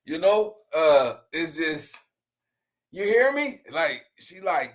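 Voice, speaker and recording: A man giving casual, slangy reaction commentary, laughing often and breaking into loud bursts. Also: fairly high pitch, very animated, takes it slowly.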